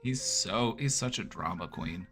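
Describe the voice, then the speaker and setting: A man's voice: on the low side, measured pace, loud music behind the voice. A man hosting a livestream from home, chatting casually and stopping to talk to his dog. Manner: relaxed, chatty, talks to his dog mid-stream. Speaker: livestream host.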